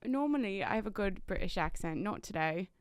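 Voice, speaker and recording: A young woman from Boston co-hosting a casual comedy podcast, tossing off dark jokes in a dry, offhand way between giggles. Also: medium pitch, expressive, normal speed, no echo. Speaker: podcast co-host.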